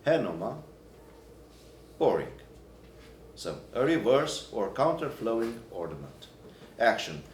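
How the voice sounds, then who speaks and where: A man teaching a Byzantine chant class, explaining in halting phrases and breaking into short sung examples. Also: mid-range voice, sing-song, a little hiss or hum. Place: church hall or classroom. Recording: echoey room, recorded from a distance.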